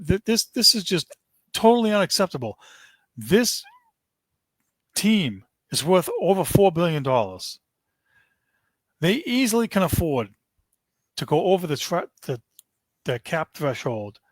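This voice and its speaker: A man's voice: fairly high pitch, no echo. A man, hosting a sports podcast, launches into an angry, fed-up rant, stumbling and repeating himself as he vents. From Boston area.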